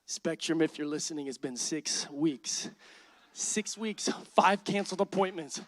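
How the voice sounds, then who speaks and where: A man's voice: a little high, measured pace, dry recording. A man in his thirties preaching a sermon as pastor, telling stories and acting out both sides of conversations. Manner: animated storytelling, acts out dialogue.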